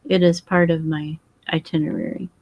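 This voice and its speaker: A woman voicing a precise, fussy foreign male detective who speaks in formal, measured phrases. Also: deep voice, little pitch movement, creaky, dull audio.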